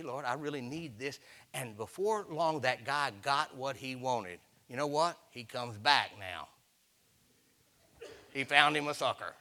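A man preaching a sermon, telling folksy stories and acting out the people in them, his voice rising to shouts. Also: medium pitch.

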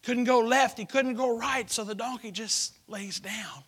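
A man preaching a sermon, acting out a story in character voices and swinging between shouted lines and hushed whispers. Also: very high-pitched, measured pace, breathy edge.

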